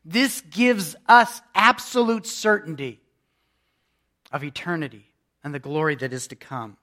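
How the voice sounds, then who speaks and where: A man pastor preaching a sermon, emphatic, with loudness that swells and drops. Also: a little high, measured pace.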